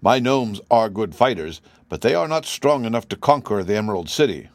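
A man voicing a calm, blunt army general who speaks in a steady, dry manner. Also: on the low side, a little fast, no room sound.

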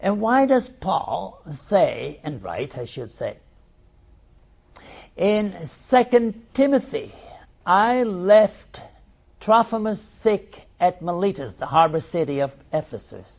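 A man preaching a sermon, swinging between loud emphasis and quiet asides. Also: high-pitched, big pitch swings, slow pace, gravelly, husky, dull audio.

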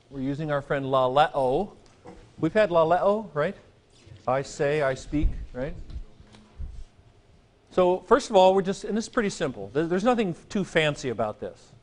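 A man's voice: a little high, lively intonation, moderate pace. A man giving a classroom lecture as a teacher, talking conversationally and often checking in with "okay?" and light asides. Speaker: Greek teacher.

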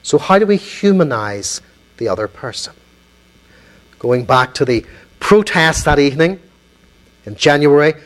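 A man with a Belfast accent, a minister giving a public lecture, telling stories in an earnest, measured way and pausing on key words. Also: fairly high pitch, a bit bright, poor audio.

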